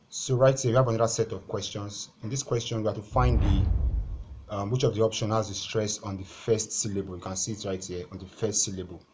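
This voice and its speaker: A man with a fairly low voice talks learners through exam questions shown on screen. He is methodical, stating each rule and then repeating the key step so it sticks. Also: a little mellow, a little hiss or hum. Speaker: exam-prep tutor.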